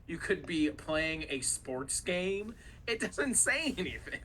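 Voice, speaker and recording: A man's voice: fairly high pitch, sing-song, slow, sharp tone, a little hiss or hum, rough recording. A young man from Ohio, co-hosting a podcast in casual chat, teasing lightly and laughing often. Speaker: podcast co-host.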